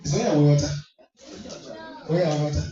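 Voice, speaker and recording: A man's voice: fairly high pitch, moderate pace, dark tone. A man working the crowd as a comic MC at a community party, teasing and playful. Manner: teasing, playful crowd work with frequent laughter. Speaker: event MC and comedian. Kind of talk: live MC banter with crowd. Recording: distant echoey hall mic, dull sound. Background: music playing.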